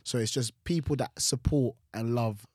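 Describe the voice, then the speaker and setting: A young man, chatting on a casual podcast and telling stories in an animated way, with his voice jumping up when he gets excited. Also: medium pitch, moderate pace, no echo, studio quality. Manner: animated storytelling, voice jumps up in excitement. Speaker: guest co-host.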